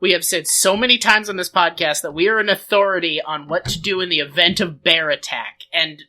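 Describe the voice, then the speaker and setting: A woman's voice: fairly low pitch, brisk, pushed and bright. A woman co-hosting a podcast, chatting casually with dry joking asides. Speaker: podcast co-host. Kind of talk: casual chat.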